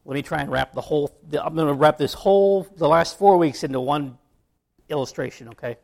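A man's voice: a little high, brisk, gravelly, darkish tone. A man preaching a sermon, telling an illustration story in a conversational way. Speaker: pastor.

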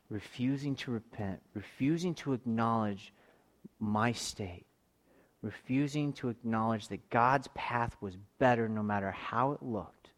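A man in his thirties preaching a sermon, earnest and personal, rising loud on key words and dropping to a hush. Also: mid-range voice. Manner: earnest, swells louder on emphasis and drops to a hush. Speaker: pastor.

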